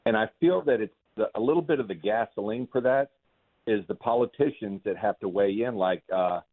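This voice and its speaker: A man calling a radio show on speakerphone, friendly and earnest, speaking in halting phrases. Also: fairly low pitch. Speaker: radio caller. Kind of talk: casual phone chat. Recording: tinny speakerphone line.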